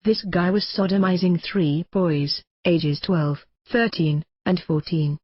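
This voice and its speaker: A brash man narrates his own memoir in a mocking, combative rant. His voice is husky and the sound is bone-dry. The recording is a little dull and muffled. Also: sits high, fairly even intonation, slow, no room sound. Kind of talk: audiobook narration in a ranting radio voice.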